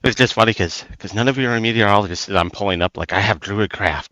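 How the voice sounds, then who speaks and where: Deep, bright-toned man player. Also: fast talker, no room sound. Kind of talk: casual tabletop chat.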